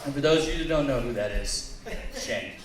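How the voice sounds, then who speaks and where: A stand-up comic and co-host does a crude, rambling, self-mocking set on a bar lounge stage. His medium-pitched voice is expressive and brisk. A distant mic picks him up in the echoey bar room with faint noise.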